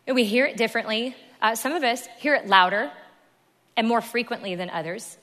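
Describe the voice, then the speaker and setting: In a church hall with the long reverb of a large room, a woman preacher delivers a sermon to her congregation. She is emphatic and repeats key phrases, speaking quickly in a mid-range, fairly bright voice.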